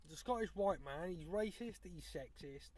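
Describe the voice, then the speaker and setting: A man with a slightly raised pitch co-hosts a podcast in blunt, casual opinionated chat. He swears freely and sounds dismissive as he lays out his views. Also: lively intonation, moderate pace, darkish tone. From England. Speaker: podcast co-host.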